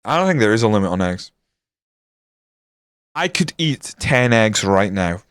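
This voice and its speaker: Male streamer, foul-mouthed ranting commentary, crisp voice, dead-dry sound. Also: fairly low pitch, unhurried, dry recording. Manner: sweary, ranting, swings to excited commentary. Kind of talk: casual game commentary on stream.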